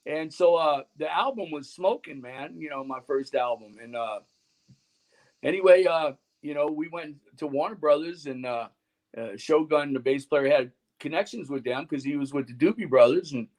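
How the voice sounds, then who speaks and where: A man with a notably high speaking voice tells long, loose stories as a guest on a talk show. He rambles from one thread to the next and peppers nearly every phrase with "you know" and "man". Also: normal speed, darkish tone. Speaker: guest musician and radio host. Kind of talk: casual interview storytelling.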